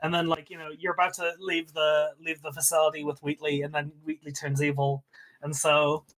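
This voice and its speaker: A man's voice: fairly high pitch, completely flat delivery, a little fast, fairly bright tone, poor audio. A man chatting casually on a game stream, joking and rambling as he spins silly ideas. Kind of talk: casual chat.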